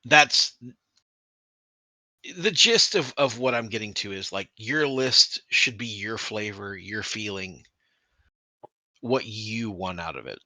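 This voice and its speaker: A man co-hosting a casual hobby podcast, talking with animated energy, swearing freely and restarting sentences. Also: fairly low pitch, takes it slowly, long pauses, dry recording. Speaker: podcast co-host.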